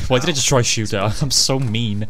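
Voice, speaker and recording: A man commenting on a video game as he plays, excitable, swearing and laughing often. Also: mid-range voice, moderate pace, faint music behind. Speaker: gamer. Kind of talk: let's play commentary.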